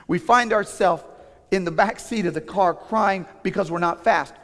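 A middle-aged man delivers a sermon as a story, relaxed and conversational, often restarting his phrases. His voice sits a little high for a man. It rings out with a long reverb, as in a large sanctuary. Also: moderate pace. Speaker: pastor.

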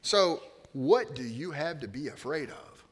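Middle-aged guy preaching, kinda highish voice, goes quiet then loud, big hall echo. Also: lively intonation, unhurried. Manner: conversational preaching, swings from hushed to loud. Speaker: pastor. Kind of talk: sermon. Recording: long hall reverb.

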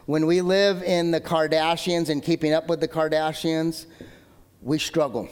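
A man's voice: fairly even intonation, moderate pace, smooth. Chatty preacher man in a reverberant hall. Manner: conversational, jokey, shifts between loud emphatic and low asides. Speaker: pastor. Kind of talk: sermon.

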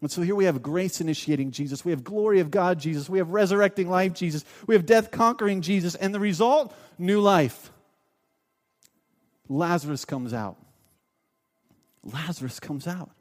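A man with a high, bright-pitched voice preaches with emphatic repetition and rhetorical questions. His voice rings out with a long hall reverb, as if heard in a church sanctuary. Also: quick pace, few pauses. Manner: emphatic, repeats phrases, asks rhetorical questions. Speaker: pastor. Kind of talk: sermon.

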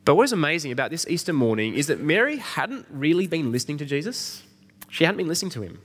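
Animated man preaching an Easter sermon. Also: fairly high pitch, fast. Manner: conversational, asks the congregation questions. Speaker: pastor.

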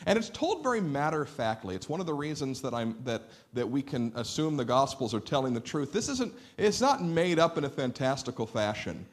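A man's voice: medium pitch, big pitch swings, a little fast, hardly any pauses. A man pastor preaching a sermon, earnest and explanatory, often repeating words as he builds a point.

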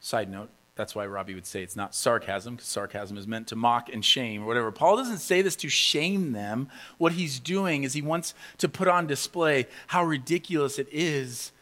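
A man's voice: mid-range voice, moderate pace, fairly bright tone. A man preaching a casual teaching sermon, conversational and emphatic, acting out quotes with a raised voice.

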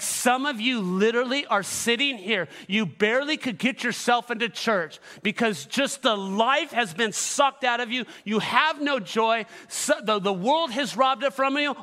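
High, bright-voiced pastor in a reverberant church. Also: male voice. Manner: animated storytelling with laughter, rising to shouted exhortation. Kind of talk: sermon. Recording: echoey church hall.

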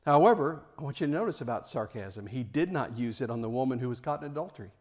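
A man preaching a sermon; he is animated, often stammers and restarts, and acts out the scenes he tells. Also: medium pitch, fast. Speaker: pastor.

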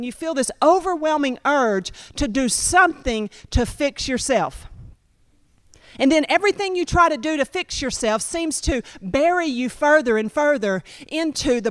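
A woman preaching a sermon, talking straight to her congregation with lively repetition. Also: high-pitched, no room sound, studio quality. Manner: animated, repetitive, addresses congregation directly.

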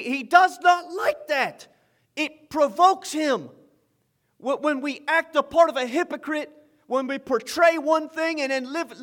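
A male preacher with a very high voice delivers a sermon with intensity. He drives points home with repetition, rises into loud emphasis, then drops to low, confiding asides. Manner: fervent, swings from loud emphasis to quiet asides, repeats phrases.

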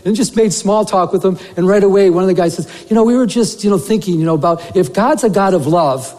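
A man preaching a sermon as a pastor, telling a story in an animated way and saying "you know" often. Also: high voice, quick pace. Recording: long reverb of a church hall.

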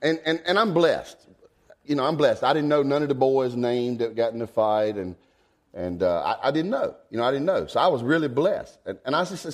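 A man, preaching a folksy sermon. He swings from low asides to high, emphatic exclamations. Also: brisk. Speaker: pastor.

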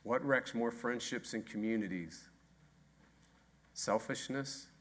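A man's voice: mid-range voice, moderate pace, pushed and bright. A man preaching a sermon, emphatic and repetitive, often asking the congregation rhetorical questions. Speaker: pastor.

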